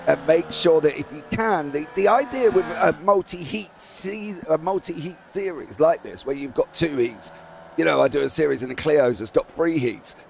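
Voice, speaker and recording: A man's voice: a little high, lively intonation, normal speed, vocal fry. A British man doing chatty live commentary on a sim race, reading out the grid and talking with his co-host. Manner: chatty, laughs easily, calls out names.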